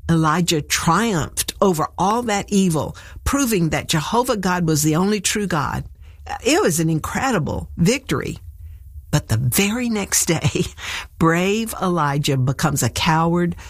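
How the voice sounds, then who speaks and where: A woman teaching a Bible story on a radio program, animated and storytelling. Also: sits low, no room sound, clean studio sound.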